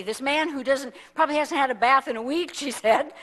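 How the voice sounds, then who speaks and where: A woman's voice: high voice, fairly quick, hardly any pauses. Woman minister telling a story in a sermon. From United States. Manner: animated storytelling, acting out the people in it. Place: church sanctuary.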